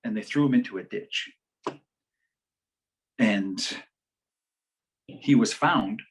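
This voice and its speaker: A man's voice: lowish voice, takes it slowly, slightly rough, low-quality recording. A man giving a community health talk, telling a story in a conversational way, often restarting and quoting what others said. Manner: conversational, repeats words and restarts, quotes others. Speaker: health educator. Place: online community forum session.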